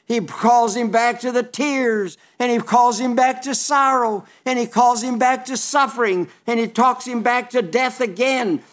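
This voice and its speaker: Guy preaching, pretty high voice, folksy, wry little asides, quotes king james stuff. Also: unhurried, few pauses, fairly bright tone. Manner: folksy, emphatic preaching with sudden drops to low, wry asides. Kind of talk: sermon.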